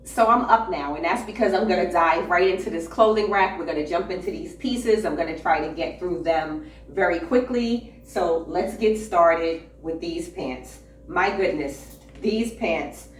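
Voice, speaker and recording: A woman's voice: lowish voice, a little slow, hardly any pauses, faint music behind. A woman hosting a casual fashion haul vlog, talking enthusiastically to camera with a few fillers and repeats, in an indoor room with a clothing rack. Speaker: fashion vlogger, channel host. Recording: roomy echo, distant mic, faint hiss.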